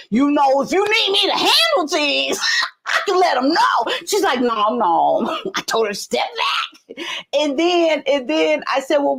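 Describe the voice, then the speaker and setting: Middle-aged woman host, high and very expressive voice, casual storyteller with colorful language. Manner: animated, profane, acts out dialogue in high voices. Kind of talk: casual live chat storytelling.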